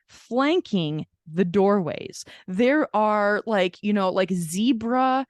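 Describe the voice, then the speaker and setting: A woman's voice: mid-range voice, takes it slowly, hardly any pauses, no echo. A woman co-hosts a podcast and tells a rambling story in a loose, casual way. She swings into voices for the people she quotes. Her voice sits in a middle range and sounds close and dry. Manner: animated storyteller who acts out quoted people. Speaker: podcast co-host.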